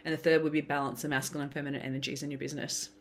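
Podcast guest: woman, lowish voice, animated storyteller. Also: rapid-fire. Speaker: podcast guest, business coach. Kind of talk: casual interview chat.

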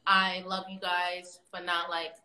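A woman chatting casually on a livestream, telling animated, slangy stories about fans. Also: on the low side, measured pace, roomy sound, rough recording. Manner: animated storyteller, slangy and swearing. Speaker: livestream guest.

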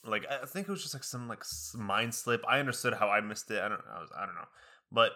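A young man and college student chatting casually, rambling with many fillers and slipping into high impressions of other people. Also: sharp tone. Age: young adult. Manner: quick, many fillers and restarts. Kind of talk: casual chat.

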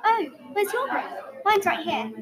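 A woman voicing an eager, curious young girl who talks in an excited, chirpy way, in a storybook reading. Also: very high voice, measured pace, crowd noise, voice pushed up, exaggerated voice.

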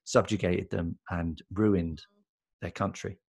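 Man, young adult, casual podcast banter, dry humor, low-pitched. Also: fairly even intonation, takes it slowly, vocal fry, a little mellow, slightly rough. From England. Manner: dry, jokey, self-mocking. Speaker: podcast co-host. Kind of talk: casual chat.

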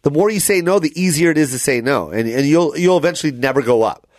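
A comedian tells a story on a podcast, his voice sitting a little high for a man and full of fillers and quick acted-out voices. The sound is close and dry, with no room around it. The talk is loose and chatty. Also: no room sound. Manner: animated storyteller, many fillers, acts out voices. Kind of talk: casual storytelling chat.

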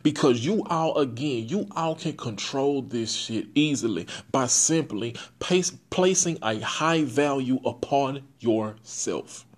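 A young man hosting his own podcast, talking bluntly and profanely in a casual, animated monologue. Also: mid-range voice, slow, hardly any pauses. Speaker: podcast host.

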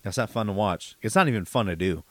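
A man's voice: fairly low pitch, lively intonation, fast talker, a bit bright, dry recording. A man co-hosting a podcast, a streamer talking in rambling, profane, emphatic casual chat.

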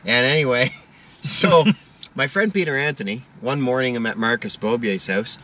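A man hosts a loose comedy podcast and tells his stories with relish, slipping into funny voices for the people he quotes. His voice is bright and forward. A faint hiss sits under the recording. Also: mid-range voice, moderate pace, recorded from a distance. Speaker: podcast host. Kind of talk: casual comedy podcast chat.

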